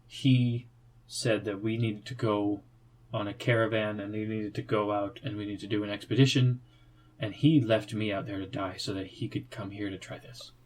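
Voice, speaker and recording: A man's voice: fairly low pitch, little pitch movement, a little mellow, close to an everyday voice. Man voicing a grieving fanged woman. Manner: halting, stammering speech. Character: grieving fanged woman betrayed by her partner.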